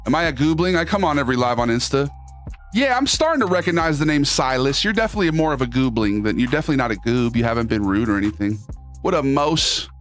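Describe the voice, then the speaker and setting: Male streamer, middle voice, casual chat with quick put-on voices, soft music under. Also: mid-range voice. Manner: loose, animated, jumps into quick silly voices.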